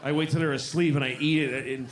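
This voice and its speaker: Stand-up comic, man in his forties, exasperated deadpan delivery, live club recording with background noise. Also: fairly high pitch, quick pace. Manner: deadpan, exasperated, talks back to a heckler. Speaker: stand-up comedian. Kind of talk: stand-up set. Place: comedy club stage. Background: audience laughter.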